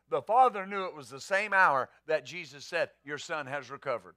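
A man's voice: on the high side, moderate pace, few pauses, bright, forceful tone, dry recording, clean studio sound. A man pastor preaching a sermon, emphatic, asking rhetorical questions and answering them.

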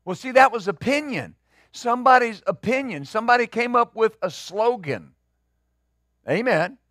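A middle-aged male pastor preaching a sermon, conversational, rising into loud emphatic peaks. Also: high-pitched, no echo, clean studio sound.

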